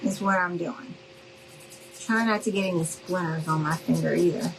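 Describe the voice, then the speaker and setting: On a noisy recording, a New Orleans craft streamer keeps up a friendly, affectionate stream of chat while crafting, with plenty of "y'all" and "honey" for her audience. Her voice is gravelly and on the low side, moving at a normal speed.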